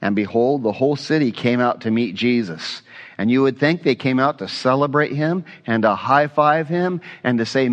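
Pastor preaching in an echoey hall. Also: male voice, medium pitch, expressive, moderate pace, lo-fi sound. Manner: conversational, asks the congregation questions. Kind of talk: expository sermon.

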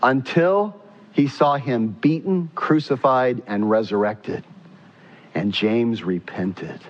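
A man preaching a sermon in an animated way, acting out voices and swinging from loud questions to hushed, tender lines. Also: mid-range voice, slow pace, dull audio, soft background music. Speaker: pastor.

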